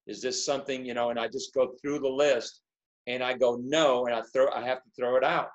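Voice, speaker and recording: An earnest male pastor speaks over a video call. He often repeats words and restarts phrases as he works through his point. His voice has an ordinary middle pitch for a man. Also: level tone, fairly quick, lo-fi sound. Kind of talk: casual video-call conversation.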